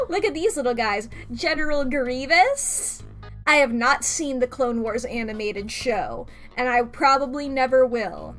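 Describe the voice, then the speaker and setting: Chatty young woman streamer, slightly high voice. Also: very animated, takes it slowly, fairly bright tone, faint music behind. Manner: rambling and chatty, laughs often. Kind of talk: casual gameplay chat.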